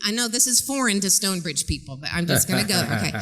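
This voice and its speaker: A middle-aged woman gives a chatty, animated talk in a church, telling stories, acting out voices and laughing often. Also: on the low side, a little fast. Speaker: guest speaker and parenting teacher. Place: church sanctuary stage. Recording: long reverb in a large church.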